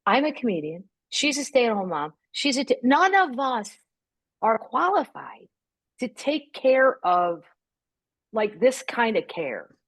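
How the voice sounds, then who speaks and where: Animated woman telling comic stories. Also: a little high, dry recording. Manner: lively, animated delivery with quick asides. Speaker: guest comedian. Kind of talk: comic storytelling in a podcast chat.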